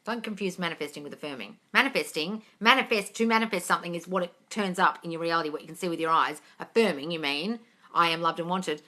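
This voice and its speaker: A woman's voice: lowish voice, fast, few pauses, sharp tone. A woman hosting a livestream Q&A, answering viewer questions in a blunt, profane, exasperated way and calling listeners darling.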